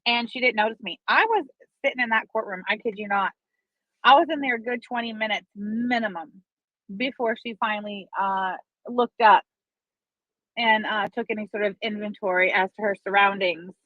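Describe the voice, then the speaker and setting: Speaking fairly quickly in a medium-pitched voice, a woman who comments online launches into a long, gossipy tale that's casual, dramatic and full of profanity, with drawn-out fillers. The sound is dull, lo-fi and dry.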